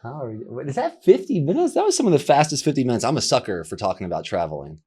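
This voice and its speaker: A man hosting a podcast in relaxed, chatty conversation with a guest, quick to laugh. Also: medium pitch, slightly rough. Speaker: podcast host. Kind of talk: casual conversation.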